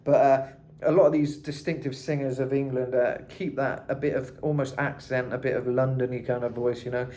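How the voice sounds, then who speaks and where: A man's voice: mid-range voice, level tone, a little fast, warm tone. A man giving a casual singing tutorial, chatting loosely with lots of fillers and asides. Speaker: vocal coach. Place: hot room indoors.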